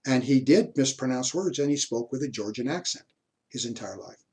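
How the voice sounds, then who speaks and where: A man giving a university history lecture, unhurried, pausing mid-sentence and adding asides. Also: mid-range voice, animated, a little mellow.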